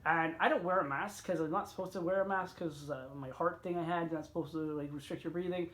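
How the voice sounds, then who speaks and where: A middle-aged man telling a rambling story on his vlog. He swears freely and meanders from one aside to the next. His voice leaps up in pitch and volume without warning, then drops back to a grumble. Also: fairly even intonation, fairly quick, a little hiss or hum. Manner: rambling, profane, frequent sharp jumps in pitch and loudness. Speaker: vlogger. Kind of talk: casual storytelling rant.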